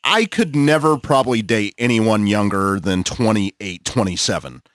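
A man's voice: on the low side, lively intonation, normal speed, no room sound, clean studio sound. A man in his thirties, a podcast host, telling a crude story in laid-back, laughing casual chat. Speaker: podcast host and rideshare driver.

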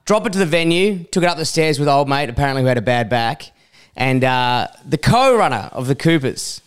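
An Australian man in his young adult years, co-hosting a casual podcast chat. His voice sits at a middle pitch and sounds smooth and clear. He talks loosely, drops swear words, and slips into little impressions as he tells stories. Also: fairly quick. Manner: swears freely, animated storytelling with impressions. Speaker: podcast co-host.

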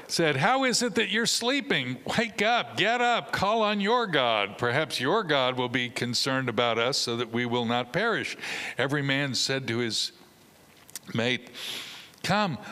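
A man's voice: mid-range voice, bright, forceful tone, clean tone, long reverb tail. A man preaching a sermon, telling a story with humor and acting out the characters' voices.

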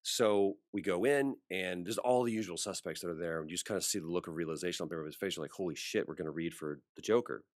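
A man's voice: low-pitched, fast, few pauses, dry recording, clean studio sound. A male voice actor in an interview, telling a story casually and acting out the voices of the people in it. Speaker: voice actor guest.

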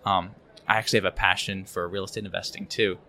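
Bright-toned young man, halting speech. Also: deep voice, flat delivery, gravelly. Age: young adult. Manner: halting, many repeats and likes. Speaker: podcast guest. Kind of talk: casual interview chat.

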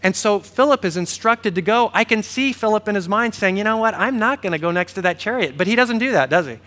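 A man's voice: high-pitched, animated, fast, a bit bright. A man preaching a sermon in a conversational, storytelling way, acting out quoted dialogue. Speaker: pastor.

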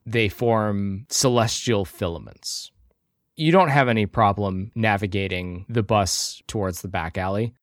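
A man running a tabletop role-playing game as game master, narrating scenes in a measured, descriptive way with casual asides. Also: fairly low pitch, no room sound, studio quality.

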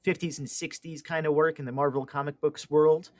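A male co-host rambles through casual podcast chat, hedging with plenty of fillers. His voice sits a little high for a man. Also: little pitch movement, fairly quick, a loud crowd.

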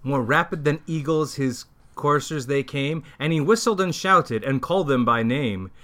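A man with a bright, forceful, higher voice reads a holiday fan story aloud. He keeps it casual, now and then stopping to fix a line. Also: moderate pace. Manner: casual reading that stops to correct itself. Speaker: reader.

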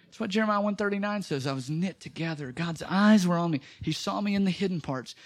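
A man preaching a sermon as pastor, swinging from loud exclamations to slow, soft, emphatic lines. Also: sits high. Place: church.

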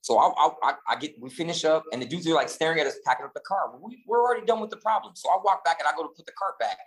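Profane, animated male storyteller. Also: a little high, rapid-fire, rough recording. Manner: animated, profane, rambling with restarts. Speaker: podcast co-host. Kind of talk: casual storytelling chat.

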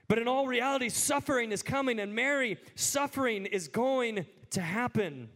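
A man preaching a sermon in a conversational way, full of "like" fillers, who climbs high and emphatic at the peaks. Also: expressive, normal speed, hardly any pauses, fairly bright tone. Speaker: pastor.

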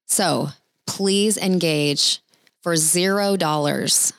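Woman ministry leader, earnest, chatty, lowish voice, dry close sound. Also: a little slow, creaky, no room sound. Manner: earnest, chatty, speaks straight to the listeners. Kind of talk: encouraging talk with prayer.

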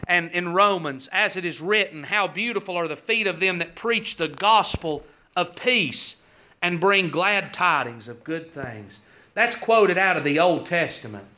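High, lively preacher. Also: male voice, a little slow, muffled recording. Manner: folksy, rhetorical questions, rising to emphatic peaks. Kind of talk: sermon.

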